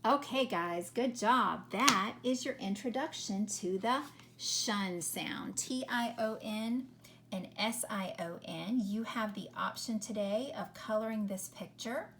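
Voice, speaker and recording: A woman teaching children phonics, speaking at a very slow, deliberate pace. Her voice carries a gravelly fry, and faint background noise sits under the recording. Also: mid-range voice, a bit bright. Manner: slow, carefully sounding out words.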